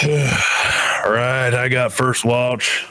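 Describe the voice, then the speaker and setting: A man's voice: mid-range voice, steady tone, very slow, sharp tone. A man playing a tabletop game, casually narrating his character's actions and joking between lines. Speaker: player. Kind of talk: tabletop role-play with narration.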